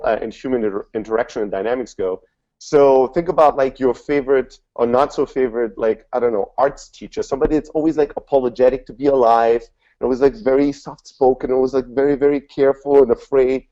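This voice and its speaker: A man in his thirties giving a panel talk on sales, energetic and full of fillers like "like" and "you know.". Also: mid-range voice. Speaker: panel speaker. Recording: dull lo-fi event recording.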